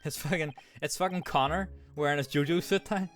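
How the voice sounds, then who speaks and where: Joking streamer muttering asides. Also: male voice, on the high side, brisk, fairly bright tone. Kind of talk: casual gameplay commentary.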